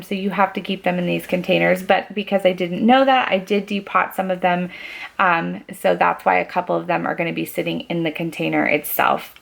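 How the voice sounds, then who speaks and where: A woman's voice: on the low side, vocal fry. A young woman showing her makeup collection in a casual beauty vlog, gushing over each shade as she names it. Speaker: beauty vlogger.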